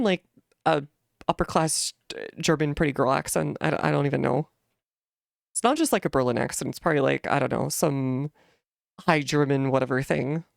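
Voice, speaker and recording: A woman's voice: low-pitched, creaky, no room sound, clean studio sound. A young woman chatting casually while playing a game, rambling with lots of fillers. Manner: rambling, many fillers and restarts, giggly.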